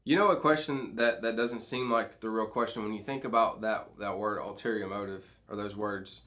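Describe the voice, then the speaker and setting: Leading students through a midweek devotional, this youth pastor reads scripture and unpacks it in a conversational way, frequently asking "okay?" and "right?". His fairly low voice is steady and fairly bright, at normal speed, with plenty of fillers and restarts.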